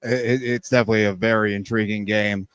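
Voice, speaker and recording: A man's voice: lowish voice, steady tone, fast, fairly bright tone, clear, resonant tone. A man co-hosting a sports talk radio show, rambling through his points with many restarts. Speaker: radio co-host. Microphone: studio mic.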